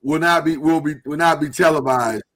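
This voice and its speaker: A man hosting a live talk show, speaking earnestly and haltingly while he holds back emotion. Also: on the high side, a crowd in the background. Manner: earnest, halting, with many restarts. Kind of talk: casual live-stream talk.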